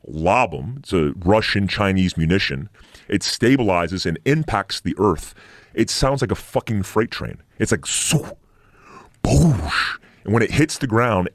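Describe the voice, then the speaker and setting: A middle-aged man with a low, heavy voice tells war stories as a podcast guest. He talks bluntly and casually, swears freely, and sometimes imitates gunfire. The studio sound is dry and close. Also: no room sound. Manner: blunt and profane, with sound-effect noises. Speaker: podcast guest, military veteran.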